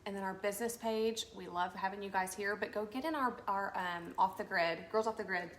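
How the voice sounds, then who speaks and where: A woman co-hosting a casual chat with a Southern US accent, animated and agreeable, often chiming in. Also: medium pitch, fairly quick, echoey room. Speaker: podcast co-host.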